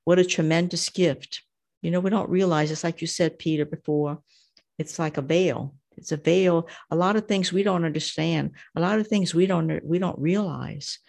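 A woman leading a prayer group, reading a devotional text aloud and reflecting on it in a gentle, devout way. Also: lowish voice, moderate pace, gravelly. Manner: devout, gentle, with frequent fillers like "you know".

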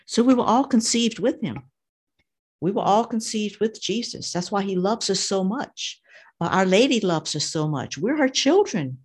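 A woman leading a prayer group, reading a devotional text aloud and reflecting on it in a gentle, devout way. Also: mid-range voice, expressive, normal speed, husky. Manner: devout, gentle, with frequent fillers like "you know".

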